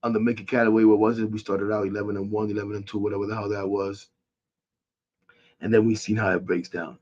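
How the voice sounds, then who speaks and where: A man, hosting a sports podcast as a casual rant. He is frustrated and animated, swinging from loud outbursts to muttering. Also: on the low side, quick pace, muffled recording.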